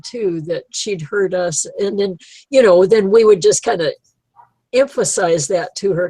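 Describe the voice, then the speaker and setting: A woman in her eighties tells stories in a loose, rambling way and breaks into laughter often. Her voice sits at an ordinary pitch and sounds dry and close, with no room around it. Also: normal speed, mellow, husky, no echo, rough recording. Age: 80s. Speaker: guest, writer of pet stories. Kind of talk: casual chat.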